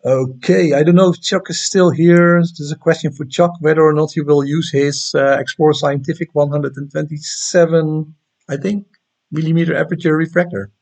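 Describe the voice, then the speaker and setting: A man's voice: fairly high pitch, steady tone, moderate pace, gravelly, a little mellow. A man with a Dutch accent hosting a casual astronomy livestream, chatting loosely with viewers and reading out their comments, with frequent fillers. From Netherlands. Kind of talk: casual live-stream chat.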